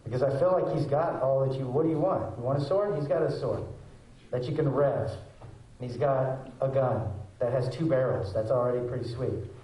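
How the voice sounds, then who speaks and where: A man's voice: mid-range voice, normal speed, dull audio. A man in his forties, a voice actor, answers fan questions on a convention panel. He tells stories with energy and acts out quotes and noises as he goes. His voice carries through an echoey hall and sounds distant from the mic. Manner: animated storyteller, acts out quotes and goblin noises. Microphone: handheld mic, recorded from the audience.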